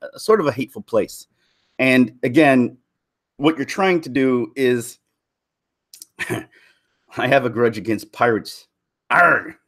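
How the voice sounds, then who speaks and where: A man giving casual commentary, rambling with many restarts and laughing often. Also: medium pitch. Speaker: YouTube commentator.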